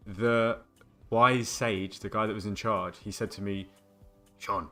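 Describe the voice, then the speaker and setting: A man in his twenties with a fairly low voice talks casually to his live-stream chat. He rambles and jokes between gameplay remarks, with faint music playing behind him. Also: fairly even intonation, measured pace, pushed and bright. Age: 20s. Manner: joking, rambling banter with chat. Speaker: game streamer.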